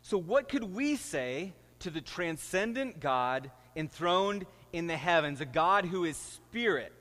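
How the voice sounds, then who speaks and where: A man's voice: a little high, expressive, measured pace, hardly any pauses, fairly bright tone, in a large hall. A middle-aged man, a pastor, preaching a sermon and telling stories with rising, emphatic delivery. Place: church sanctuary.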